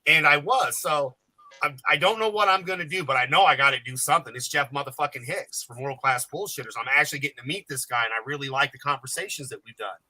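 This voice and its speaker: Man, rambling profane storyteller, brightly forceful voice, somewhat high. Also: quick pace, no echo, poor audio. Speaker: podcast panel guest. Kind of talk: casual storytelling chat.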